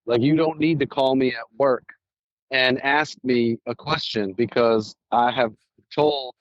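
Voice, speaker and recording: A male podcast host telling stories in a relaxed back-and-forth, slipping into quoted voices as he goes. His voice sits at a middle pitch and sounds dull and lo-fi, recorded dry with no room echo. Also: unhurried. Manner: storytelling, acts out quoted dialogue. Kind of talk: casual conversation.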